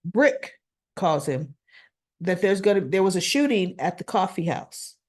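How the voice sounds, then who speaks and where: A woman with a voice on the low side, speaking a little slowly, casually recaps a soap opera episode. She retells the scenes animatedly and acts out what the characters say.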